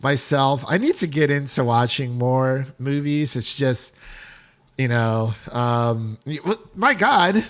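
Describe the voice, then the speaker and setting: A man's voice: mid-range voice, animated, slow. A man hosting a film podcast with a mid-range voice, talking in an upbeat, loose, conversational way. He laughs easily and jumps between topics. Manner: upbeat and chatty, laughs often. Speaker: podcast host. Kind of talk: casual podcast chat.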